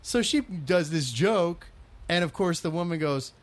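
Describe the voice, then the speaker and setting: A man co-hosting a podcast, telling anecdotes in an animated, amused way. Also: fairly high pitch, unhurried. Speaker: podcast co-host. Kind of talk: casual chat.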